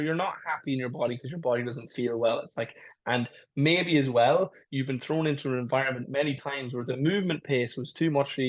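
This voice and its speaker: A man talks fast and earnestly as a podcast co-host. He explains his points with many "it's like, listen" asides. His pitch is in the middle range. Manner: rapid, earnest, often says "it's like, listen". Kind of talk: casual chat.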